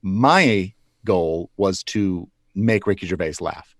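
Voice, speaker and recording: A puppeteer, interviewed about his craft, gives relaxed answers loosely, with restarts and small chuckles. His voice sits low with lively intonation and a slow pace, in a dry, clean studio recording.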